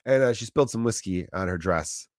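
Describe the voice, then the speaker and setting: A man in his thirties talking in a loose, rambling monologue, telling animated stories with restarts and swearing. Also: fairly low pitch, fairly quick, dry recording, clean studio sound.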